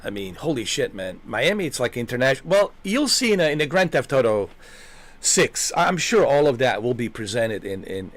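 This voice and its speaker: A male gaming host chats off the cuff at a middling pitch, wandering from point to point. He swears freely and circles back over the same lines. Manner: rambling, swearing, repeating himself. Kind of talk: rambling casual chat.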